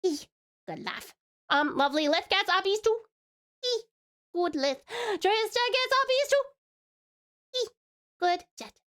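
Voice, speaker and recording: A woman's voice: very high-pitched, animated, unhurried, pauses often, a bit bright. An Australian woman from Tasmania chatting casually on a live stream, bubbly and greeting her chat with pet names.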